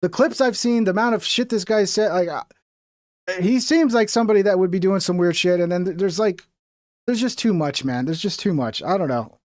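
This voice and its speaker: A man's voice: high voice, brisk, darkish tone, dry recording, studio quality. Blunt, profane young-sounding male streamer. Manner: blunt, profane, trailing off with bro and dude. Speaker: streamer reacting to clips. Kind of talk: casual reaction commentary.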